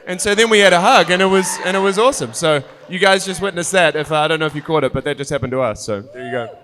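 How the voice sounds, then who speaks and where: Brief: male panel guest, animated storyteller, live hall with noise behind. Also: on the high side, quick pace. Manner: animated anecdote, acts out quotes. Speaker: panel guest, former actor. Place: convention hall stage. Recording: reverberant hall with background noise.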